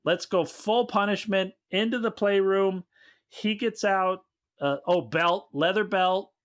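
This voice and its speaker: A man co-hosting a comedy podcast, giving mocking, animated recaps of a movie's plot. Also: high voice, unhurried. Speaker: co-host.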